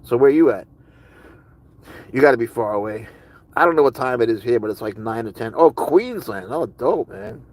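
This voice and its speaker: A man's voice: mid-range voice, expressive, normal speed, low-quality recording. A man streaming live, casually chatting with viewers and answering their comments in a rambling, curious way.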